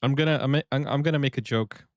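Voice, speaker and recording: A man's voice: mid-range voice, quick pace, over a noisy crowd, heavy background noise. A man hosting a sports reaction video, joking around and laughing often in casual commentary. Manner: joking, laughs often, explains his banter.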